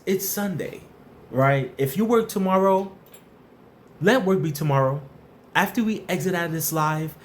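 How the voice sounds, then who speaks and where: A man hosting a live stream, chatting casually, giving viewers shout-outs and blunt, tough-love workplace advice. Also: on the high side, a little hiss or hum.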